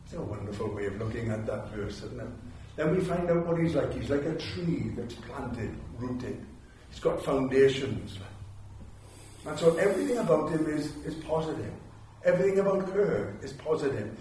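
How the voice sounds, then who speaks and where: A man's voice: mid-range voice, lively intonation, normal speed, darkish tone, a little hiss or hum. An older man with a Welsh accent preaching a sermon in a chapel, telling stories and repeating phrases for emphasis. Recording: very echoey chapel, mic far off.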